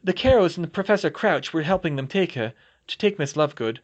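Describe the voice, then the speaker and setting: A high, wavering voice of a distraught middle-aged teacher, put on by a man reading an audiobook, rambling and halting as she sobs. Her pitch swings widely through broken sentences. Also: animated, lo-fi sound, lightly acted. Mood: rattled. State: sobbing.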